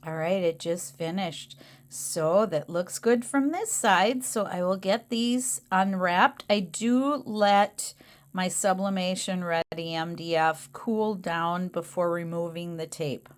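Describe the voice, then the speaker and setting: A woman's voice: lowish voice, slow pace. A woman hosting a crafting tutorial who explains each step and setting methodically as she works.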